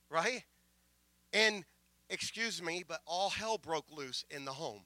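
A middle-aged male pastor telling a story in a sermon, emotional, with many stammering restarts, swinging from soft asides to loud proclamations. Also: fairly high pitch, expressive, slow, pauses often, no echo.

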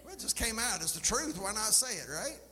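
A man's voice: sits high, sing-song, brisk, bright, forceful tone, a faint crowd. A man preaching a sermon as pastor, emphatic and impassioned, with folksy asides to his congregation. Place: church sanctuary. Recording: live church recording, long reverb, faint noise.

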